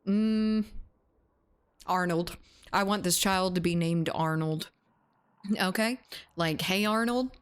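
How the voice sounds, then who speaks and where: A woman's voice: fairly low pitch, steady tone, slow pace, long pauses, clean tone. Chatty woman streamer greeting her viewers. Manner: upbeat, greeting viewers by name, playful. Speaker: game streamer. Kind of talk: casual chat with live chat readers.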